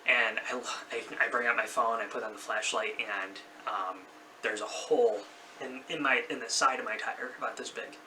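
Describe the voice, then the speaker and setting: Bright-voiced man rambling through a story. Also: medium pitch, fairly even intonation, normal speed. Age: 30s. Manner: rambling, loses track and corrects himself. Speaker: vlogger. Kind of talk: casual personal storytelling. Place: his bedroom. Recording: slightly distant mic, faint background noise.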